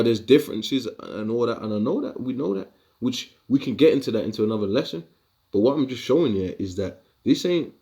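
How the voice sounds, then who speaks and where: Combative man with a low voice. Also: husky. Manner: rambling and combative, with loose slang asides. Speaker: video teacher. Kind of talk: informal scripture lesson.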